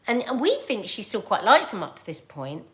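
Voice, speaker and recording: A middle-aged woman with a British accent, hosting a casual livestream chat and telling stories in an animated, chatty way. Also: medium pitch, a little fast. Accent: British English. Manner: animated, chatty storytelling with laughs and asides. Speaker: livestream host reading viewer comments.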